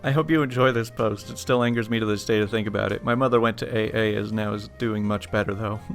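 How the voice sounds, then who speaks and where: Gravelly man reading stories aloud. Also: on the low side, fairly even intonation, quick pace, soft background music. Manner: casual and amused. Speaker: host reading online stories.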